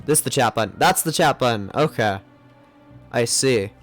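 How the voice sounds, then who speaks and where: A man's voice: mid-range voice, lively intonation, moderate pace, soft background music. A young man streaming a game live, rambling and joking at himself as he plays. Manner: rambling, self-mocking, muttering to himself. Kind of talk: live gameplay commentary.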